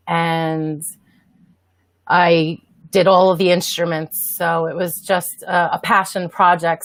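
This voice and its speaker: A woman with a New York accent, a guest on a casual podcast chat, bubbly and quick to laugh. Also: on the low side, no room sound.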